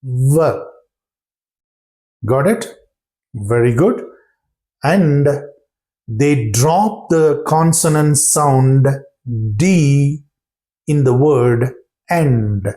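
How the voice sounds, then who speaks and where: Slow, mellow-voiced teacher, man. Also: medium pitch, expressive. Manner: repeats phrases and checks understanding with "got it?". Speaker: English pronunciation teacher. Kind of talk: slow, deliberate classroom explanation.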